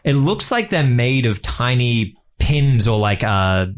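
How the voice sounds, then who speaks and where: A man narrating a tabletop role-playing session as its game master. His descriptions wander and halt, full of little fillers as he hunts for the right word, at a middling pitch. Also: big pitch swings. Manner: rambling, halting descriptions with fillers and laughs.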